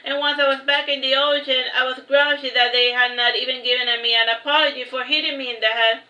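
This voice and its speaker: An author reads from her own book in the first person, moving through each phrase slowly and with care. Her voice is high and bright, its pitch even and narrow. The sound is roomy with some echo and comes across slightly muffled and dull.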